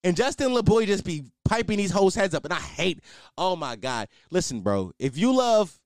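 A man's voice: sits high, sing-song, moderate pace, dry recording, clean studio sound. A man podcaster doing a comedic, profane rant, repeating himself as he riffs.

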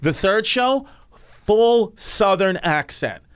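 Male podcast host, lively storyteller, dry studio sound. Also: sits high, slow, clean tone, dry recording. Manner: animated storyteller, swears freely. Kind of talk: casual podcast chat.

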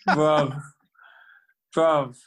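A man's voice: a little high, fairly bright tone, husky. A young man, co-hosting a podcast and telling a long family story in casual, slangy, profane chat. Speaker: podcast co-host.

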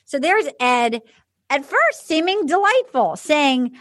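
A woman's voice: high voice, sing-song, slow pace, fairly bright tone, no echo, studio quality. A woman hosting a comedy podcast, recapping casually and acting out quotes in exaggerated voices. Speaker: podcast host.

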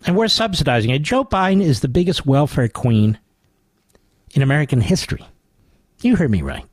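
A man's voice: on the high side, very animated, a little fast, dry recording. A man hosting a radio talk show, delivering a sarcastic, mocking monologue full of rhetorical asides into a studio microphone.

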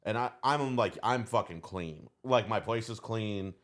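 A man's voice: fairly low pitch, a little slow. A man in casual podcast chat, telling rambling stories and swearing along the way. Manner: profane, rambling storyteller. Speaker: comedian podcast co-host.

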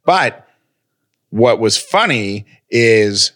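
A radio host chatting casually and telling a story with many restarts, nursing a lingering cough. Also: male voice, lowish voice, sing-song, drawn-out words, a bit bright, dry recording, studio quality. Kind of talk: casual chat.

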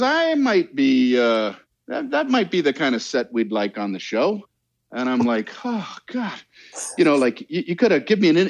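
A man's voice: a little high, dull audio. A man, a comedian, telling a story and acting out both sides of the conversation. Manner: animated, acts out both sides of the dialogue. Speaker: comedian guest. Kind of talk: storytelling anecdote.

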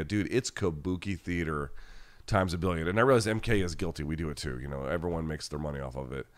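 A man hosting a podcast live chat, answering viewers in a blunt, rambling, casual way with many restarts. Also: sits low.

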